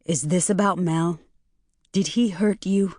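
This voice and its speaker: A woman's voice: medium pitch, lively intonation, unhurried, no echo, clean studio sound, lightly acted. A woman reading an audiobook and voicing a concerned adult man who speaks in a soothing, then blunt way.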